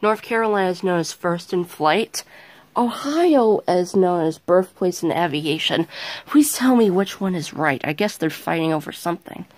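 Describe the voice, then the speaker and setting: A man's voice: high voice, lively intonation, normal speed. A male vlogger giving a casual show-and-tell from his bedroom, chatty and rambling, often correcting himself mid-sentence. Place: bedroom at home.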